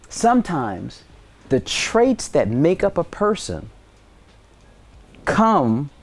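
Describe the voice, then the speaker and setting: Male science teacher, unhurried and very expressive delivery; tells classroom stories and acts out quoted voices. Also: a little high. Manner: animated storytelling with playful voices for quoted people. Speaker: high school science teacher. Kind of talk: video science lesson.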